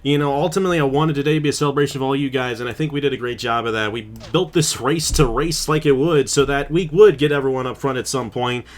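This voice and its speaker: A man, host of a racing channel, speaks with his voice breaking as he cries. He laughs softly through the tears and thanks his audience in a heartfelt, halting way. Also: mid-range voice. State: crying. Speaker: channel host and race commentator. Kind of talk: emotional closing remarks on a stream.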